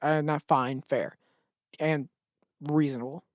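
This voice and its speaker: A man's voice: fairly high pitch, steady tone, slow pace, no room sound, clean studio sound. A man hosting a solo comedy podcast, rambling sarcastically and often cutting himself off. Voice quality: rambling, sarcastic, self-interrupting. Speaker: podcast host.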